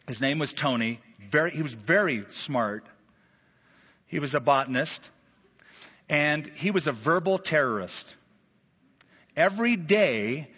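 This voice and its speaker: An American pastor preaches a sermon, telling stories with animation and acting out the voices he quotes. His voice is mid-range with a fairly bright tone, captured with a dull, reverberant hall sound.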